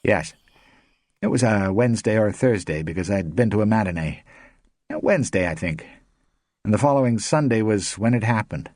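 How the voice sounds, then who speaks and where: A man's voice: fairly low pitch, expressive, normal speed, a little mellow, dry recording, clean studio sound, pitched above the performer's own voice. A man voicing a bitter, sardonic blind actor in an audiobook, mocking and rueful. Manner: sarcastic, mocking.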